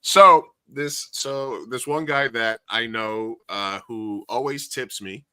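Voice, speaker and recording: Male co-host, bright and punchy voice, dry close mic, animated storyteller who swears and plays out every quote. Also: medium pitch, slow, clean tone, dry recording. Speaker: podcast co-host, karaoke host. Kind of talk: casual storytelling chat.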